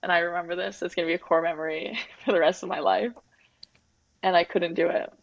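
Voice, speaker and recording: A woman's voice: fairly low pitch, fairly even intonation, brisk, vocal fry, no echo. A woman in her twenties, a guest athlete talking openly and reflectively in an interview, with lots of "like" and "um". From Winnipeg, Canada. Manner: reflective, open, heavy use of "like" and "um". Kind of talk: candid interview talk. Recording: dull, dry lo-fi recording.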